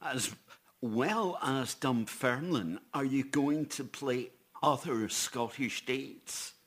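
A man's voice: medium pitch, slow, a bit bright, husky. A man interviewing a guest with brief, plain questions.

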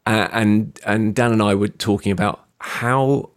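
A man's voice: lowish voice, steady tone, measured pace. British male radio host, easygoing banter, lots of fillers. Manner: chatty, joking, with frequent fillers. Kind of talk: radio interview.

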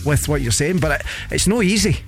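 Radio host guy, jokey and teasing, bit high, music playing under him. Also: animated, fairly quick. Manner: jokey, teasing, stammering restarts. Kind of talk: breakfast radio chat.

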